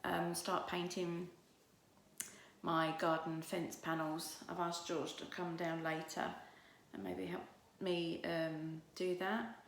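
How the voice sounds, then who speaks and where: A woman talks casually to her phone camera, rambling with fillers and often dropping into a breathy half-whisper. Her voice sits a little low, and there is a faint hiss of background noise. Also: flat delivery, takes it slowly, reverberant. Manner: half-whispered, breathy asides while walking; chatty and rambling with many fillers. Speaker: vlogger. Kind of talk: casual chatty vlog. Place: outdoors on a road at night, walking uphill; at home indoors. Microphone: phone held at arm's length.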